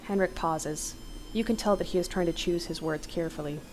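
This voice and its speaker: Host: woman narrating an interactive novel, steady, lower pitch, faint noise. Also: a little fast. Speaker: let's play host. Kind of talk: reading an interactive novel aloud.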